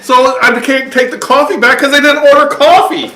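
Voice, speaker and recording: A man's voice: very high-pitched, fairly quick, sharp tone. A man answering a mock job interview question bluntly and with strong opinions, laughing a little as he argues. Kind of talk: role-play answer, casual. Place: coffee shop, indoors. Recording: echoey coffee shop room.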